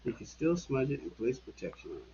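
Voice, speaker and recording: A man's voice: mid-range voice, very animated, fast, mellow, husky, dull audio. A man co-hosting a casual podcast who mostly chimes in with short agreements and laughter. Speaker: podcast co-host. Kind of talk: casual paranormal podcast chat.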